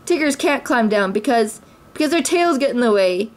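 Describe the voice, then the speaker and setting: A woman doing an excitable bouncy tiger. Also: a little high, normal speed, voice pushed up, close to an everyday voice. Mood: indignant. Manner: exclamatory, pleading. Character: bouncy boastful male tiger, childlike. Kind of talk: storybook read-aloud.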